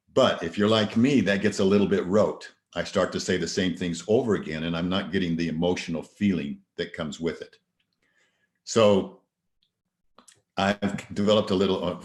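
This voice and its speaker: At a virtual event, a motivational speaker with a low-sitting voice gives an earnest talk on gratitude. The sound is roomy, and he weaves in stories and rhetorical questions for the audience.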